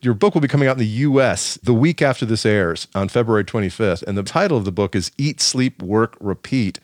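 Low-voiced joking male podcast host. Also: lively intonation, fairly quick, dry recording, studio quality. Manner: jokey, self-deprecating. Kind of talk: casual interview chat.

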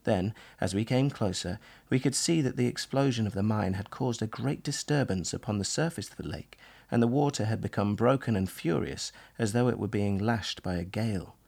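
A man giving a measured, vivid first-person reading of a memoir as narrator. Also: fairly low pitch, creaky, a little mellow, slightly rough.

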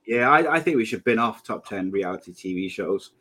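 A man's voice: on the low side, expressive, fairly quick, sharp tone. A man in his thirties co-hosting a podcast in casual, joking chat, often laughing at his own jokes. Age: 30s. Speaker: podcast co-host.

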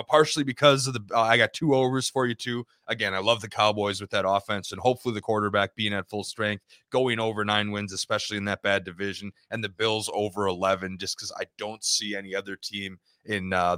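A man's voice: fairly low pitch, bright, forceful tone, dry recording, clean studio sound. A man co-hosting a podcast, giving his picks in loose, casual chat full of "you know" fillers. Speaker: podcast co-host.

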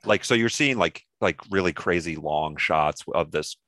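Man, very low voice, laid-back casual podcast chat, dry sound. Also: moderate pace, sharp tone, no room sound. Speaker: podcast co-host.

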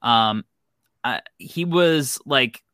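A man's voice: mid-range voice, animated, extremely slow, sharp tone, clean tone, dry recording, clean studio sound. A man talking casually as a basketball draft analyst on a streamed show, rambling with lots of fillers. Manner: rambling, lots of "like" and "you know". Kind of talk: casual podcast chat.

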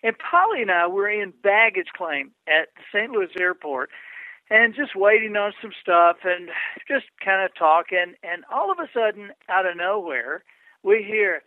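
A man's voice: sits high, expressive, unhurried, no echo. A male author and speaker, a guest on an interview show, telling stories animatedly with many stammered restarts. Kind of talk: storytelling interview answers. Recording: tinny phone line, dry.

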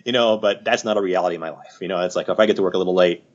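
A man's voice: low voice, steady tone, very fast. A man who works as a psychiatrist, talking through ideas as a podcast guest in a rambling, conversational way full of "you know" asides. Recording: slightly muffled lo-fi audio.

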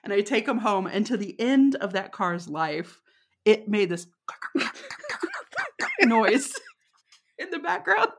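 A woman's voice: medium pitch, sing-song, slow pace, long pauses, background noise. A woman from Texas with a Texan accent, a podcast guest telling stories in a casual, chatty way, laughing often and filling her talk with fillers. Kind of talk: casual storytelling.

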